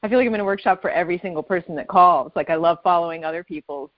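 A woman caller muses her way through her thoughts, with a rather low voice and many small fillers. The sound is dull and lo-fi. It is also dry, with no room around it. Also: no echo. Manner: musing, many fillers, quick laughs. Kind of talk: casual reflective chat.

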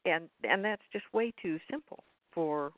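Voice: medium pitch, expressive, measured pace, dry recording. Reflective chat partner, hesitant, dry phone-line sound. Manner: hesitant, stumbling over words. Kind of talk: casual reflective conversation.

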